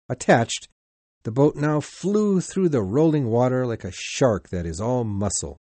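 Man, audiobook narrator, slow pace, lively pitch, dry close mic. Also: dry recording. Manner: deliberate, expressive storytelling.

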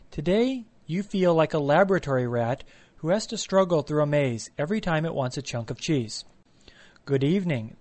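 Male narrator, wry comic storytelling, slightly higher pitch. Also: darkish tone.

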